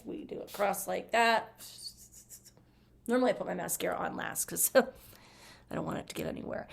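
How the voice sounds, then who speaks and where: With a medium-pitched, creaky, slightly bright voice, this woman talks through a makeup review, gushing over the products as she puts them on.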